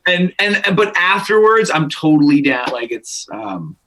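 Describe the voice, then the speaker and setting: A man's voice: fairly high pitch, sing-song, measured pace, crowd noise, poor audio. A man in his thirties from Canada, a musician guest telling stories in casual chat, rambling with many restarts and freely swearing.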